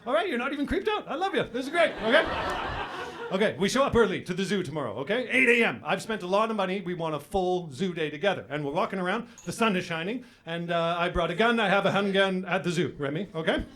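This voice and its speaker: A man's voice: high-pitched, lively intonation, quick pace, a bit bright. A man from Canada doing a loose stand-up comedy set on a club stage, tossing in constant "right?" and "okay?" asides. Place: comedy club stage before a live audience.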